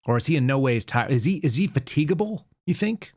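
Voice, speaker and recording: A man's voice: medium pitch, expressive, a little fast, darkish tone, no echo. A man in his forties hosting a political commentary show, sarcastic and rambling, talking casually from a studio. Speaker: show host.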